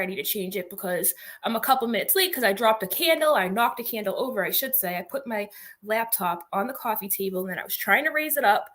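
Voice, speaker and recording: Chatty woman streamer with a bright, slightly high voice, loose and rambling. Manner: chatty, rambling, giggly, heavy on "like". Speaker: livestream host. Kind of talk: casual livestream chat.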